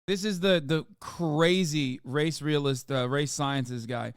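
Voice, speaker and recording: A man in his thirties streaming live, reacting to posts with profane, mocking commentary that swings from loud outrage to mumbled asides. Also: fairly high pitch, measured pace, hardly any pauses, smooth, no echo, clean studio sound.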